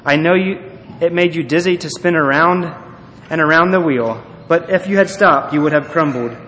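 Brief: man playing a patient old-style potter master, soft and measured, echoey hall. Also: fairly high pitch, close to an everyday voice. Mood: gentle. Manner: quiet, gentle, measured speech. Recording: echoey hall, faint noise.

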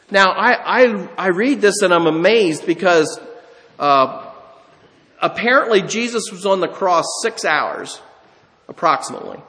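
A man with a high voice delivers an earnest sermon in a hall with a long, lingering reverb. He reads scripture aloud, acts out the quotes, and climbs even higher when he is moved. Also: unhurried. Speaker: preacher.

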